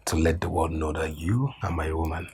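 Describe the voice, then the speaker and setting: A smug, scheming husband. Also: male voice, low voice, breathy edge, heavily acted. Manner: smug, chuckling, drawn-out. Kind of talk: film drama acting.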